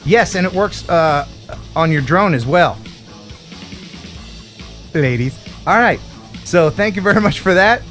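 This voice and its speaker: Lively, high-voiced middle-aged host. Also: male voice, a little slow, pauses often, soft background music. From United States. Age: 50s. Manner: jokey, animated, reads out viewer donations. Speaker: host of a live drone stream. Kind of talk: live stream chat reading donations.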